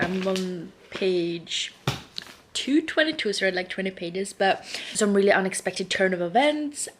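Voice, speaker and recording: A young adult woman talking casually in a reading vlog, gushing and dramatic about the books she reads. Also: medium pitch. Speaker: book vlogger.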